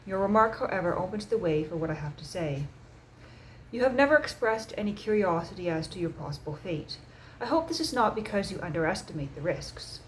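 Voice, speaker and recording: Woman reading as a calm, composed society leader. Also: on the low side, fairly quick, a little hiss or hum, close to an everyday voice, poor audio. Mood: calm, measured. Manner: gentle, composed, matter-of-fact. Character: calm, measured man, leader of a secret society. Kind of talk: audiobook reading.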